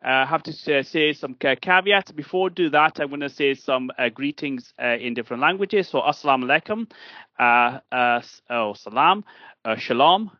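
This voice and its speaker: A man's voice: medium pitch, lively intonation, moderate pace, no room sound. A man hosting a casual podcast chat, speaking hesitantly with many fillers and restarts. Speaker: podcast host. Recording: dull lo-fi dry sound.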